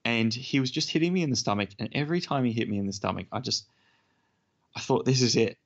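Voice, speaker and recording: A man's voice: mid-range voice, lively intonation, fast. A man co-hosting a podcast, telling a self-deprecating story in casual chat. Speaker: podcast co-host. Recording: dull lo-fi podcast audio.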